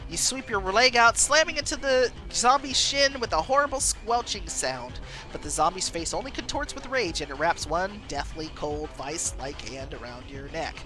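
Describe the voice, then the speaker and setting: A woman streamer reading an interactive story game aloud, expressive, with wry asides. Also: fairly low pitch, normal speed, faint music behind.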